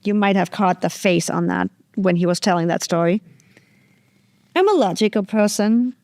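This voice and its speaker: A woman hosting a candid podcast chat, frank and animated, cursing freely as she acts out her own reactions. Her voice sits in a middle register and is recorded dry, with no room sound around it. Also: mid-range voice, dry recording. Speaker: podcast host. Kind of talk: candid conversational interview.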